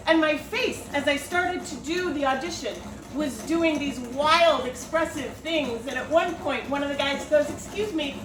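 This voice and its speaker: A woman's voice: high-pitched, a little slow, hardly any pauses. Self-deprecating woman storyteller, echoey kitchen. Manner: self-deprecating, animated storytelling with acted-out quotes. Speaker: writer and storyteller. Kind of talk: personal storytelling monologue. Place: home kitchen. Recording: roomy home recording from a distance, with background noise.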